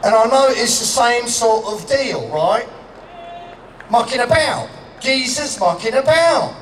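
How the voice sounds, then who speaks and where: A man from Canada giving a crude, joking outdoor rally speech, shouting to a crowd. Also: very high voice, expressive, unhurried. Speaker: public speaker. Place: outdoor public gathering. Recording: echoey and distant, faint background noise.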